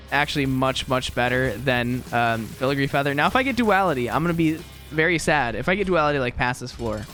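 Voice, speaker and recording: A man's voice: medium pitch, a bit bright. A young man giving casual, rambling gameplay commentary, laughing often and poking fun at himself while he tells stories from his teaching day. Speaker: gaming video creator and teacher.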